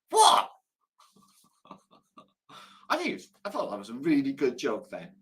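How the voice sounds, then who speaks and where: A man's voice: medium pitch, fairly bright tone. A man hosting a live stream, chatting casually, swearing freely and telling dad jokes. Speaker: livestream host.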